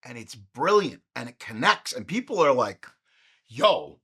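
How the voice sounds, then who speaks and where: A man hosting a podcast, riffing through a profane, comedic movie retrospective with animated jokes. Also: mid-range voice, moderate pace, husky. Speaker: podcast host.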